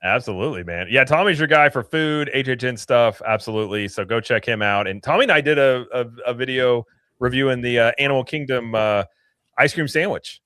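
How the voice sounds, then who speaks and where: A livestream host speaks quickly, with a bright and forceful voice. His voice is recorded close and dry, and he tells stories with animated energy. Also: medium pitch, smooth, no echo. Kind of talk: casual livestream chat.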